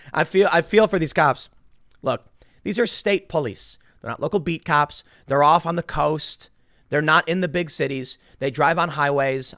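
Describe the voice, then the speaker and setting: A man's voice: a little high, a bit bright, no room sound, studio quality. A man delivering a sarcastic political opinion monologue, mocking the people he talks about and acting out their voices. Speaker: political commentator.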